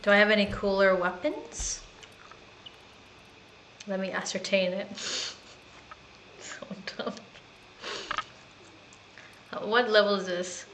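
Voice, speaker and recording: A woman's voice: medium pitch, takes it slowly, long pauses, a bit bright, a little hiss or hum, low-quality recording. A woman chatting casually and giggling as she plays a video game. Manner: chatty, giggly, self-mocking. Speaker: gaming streamer. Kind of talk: casual gameplay commentary.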